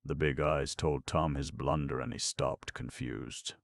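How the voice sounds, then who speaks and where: A man reading a classic novel aloud as an audiobook narrator, in a measured storytelling manner. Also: rumbling low, steady tone, gravelly, dry recording. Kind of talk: scripted narration.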